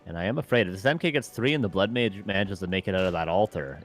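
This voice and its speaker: A man giving analytical, measured live commentary on a strategy game match. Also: low-pitched, faint music behind. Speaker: esports commentator.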